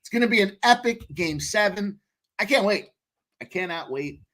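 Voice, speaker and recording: Brash high-voiced betting co-host. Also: male voice, animated, moderate pace, a bit bright. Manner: brash, profane, hyped and boastful. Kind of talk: casual sports betting chat.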